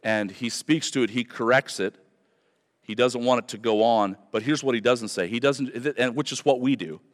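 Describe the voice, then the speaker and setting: A man's voice: mid-range voice, normal speed. A male pastor giving an earnest, emphatic sermon, repeating his key phrases for weight. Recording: long hall reverb.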